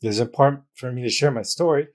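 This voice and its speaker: A man's voice: mid-range voice, quick pace. A man as an interview guest, telling an emotional personal story in an open, heartfelt way with many fillers. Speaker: guest, business founder.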